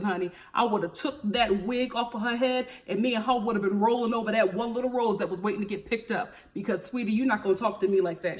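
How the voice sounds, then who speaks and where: Young woman with a Philly accent, sassy TV recap vlogger, slightly high voice, lots of slang. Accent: Philadelphia. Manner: sassy and animated, drops slang like honey and girl. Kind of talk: casual opinionated TV recap.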